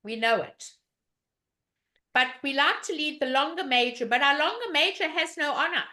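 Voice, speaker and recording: A woman's voice: sits high, animated, normal speed, pushed and bright. A woman teaching a live online bridge lesson, walking through a hand in a chatty way and asking the class questions as she goes.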